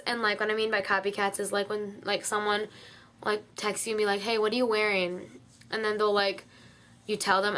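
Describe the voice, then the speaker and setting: A woman's voice: mid-range voice, fairly bright tone. A teenage girl ranting casually to camera about her pet peeves, filling every phrase with "like" and restarting often. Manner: chatty, heavy use of "like", many restarts. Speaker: vlogger.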